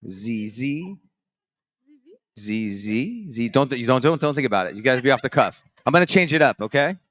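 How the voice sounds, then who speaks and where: A man's voice: mid-range voice, animated, moderate pace, a bit bright, no echo. A man hosting a live morning show from a conference stage, energetically calling up contestants and beatboxing rhythms for them to dance to.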